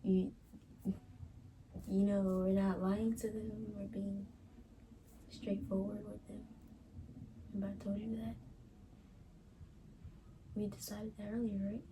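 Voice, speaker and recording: A woman's voice: medium pitch, little pitch movement, takes it slowly, long pauses, dark tone, a little hiss or hum. A woman co-hosting a couples vlog in casual chat, giggly and drawling, talking to her viewers as y'all. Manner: giggly, keeps breaking into laughter. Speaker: vlog co-host.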